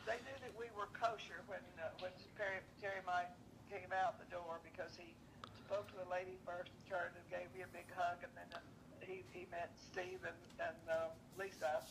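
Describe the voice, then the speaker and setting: A woman's voice: fairly low pitch, steady tone, moderate pace, vocal fry, noisy background. An older woman, a guest in an interview, telling personal stories with a wry, dry touch. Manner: wry, dry storyteller who builds to punchlines. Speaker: guest sharing personal memories. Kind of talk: casual storytelling interview.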